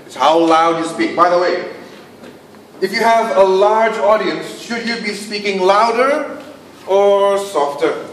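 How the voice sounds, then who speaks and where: In a meeting room, a high-voiced man teaches public speaking to a club, taking it slowly. He fills the room without a mic, then goes very soft, almost whispering, to stress points. The distant recording sounds roomy, with faint background noise.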